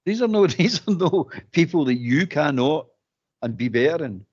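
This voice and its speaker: A Scottish man co-hosting a casual football phone-in, talking in an animated way with repeated words. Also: fairly high pitch, normal speed, slightly rough. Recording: dull lo-fi phone-in audio.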